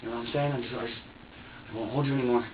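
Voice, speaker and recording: A man's voice: mid-range voice, fairly even intonation, very fast, over a noisy crowd. A man being questioned by police, rambling anxiously, repeating himself and restarting his sentences. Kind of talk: police interrogation statement. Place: police interview room. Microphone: room recorder, far from the mic. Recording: roomy, distant, dull lo-fi recording with faint hiss.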